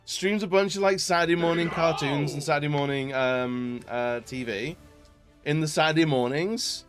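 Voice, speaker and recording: A man's voice: on the high side, normal speed, clear, resonant tone, soft background music. A man chatting casually on a live stream as a variety streamer, greeting viewers with frequent fillers. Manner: chatty, laughing, greets chat warmly, many fillers.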